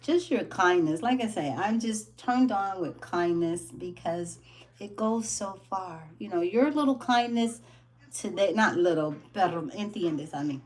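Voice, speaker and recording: Late-50s woman on a casual livestream, slow easygoing talk, chatty and animated. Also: medium pitch. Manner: chatty and animated, drops into quoted voices. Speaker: livestream host chatting with viewers.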